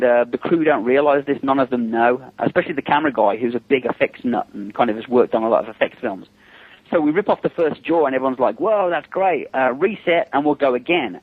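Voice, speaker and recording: A man's voice: mid-range voice, breathy edge, no room sound. English man telling stories down a phone line. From England. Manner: lively anecdotes, acts out quotes, laughs often. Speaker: guest, special effects makeup artist. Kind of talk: casual phone interview storytelling. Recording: tinny phone line, dry.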